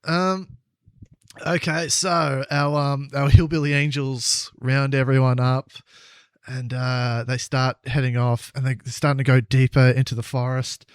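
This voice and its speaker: A man co-hosting a comedy podcast, retelling a story with teasing, quick banter. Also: medium pitch, flat delivery, clean tone, no room sound, studio quality. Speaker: podcast co-host.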